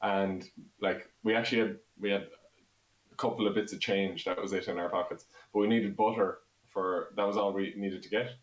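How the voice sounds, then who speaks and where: Irish man, folk band member, casual livestream chat, rambling stories, lowish voice, roomy echo. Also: fairly even intonation, moderate pace, distant mic. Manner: rambling storyteller, laughs often.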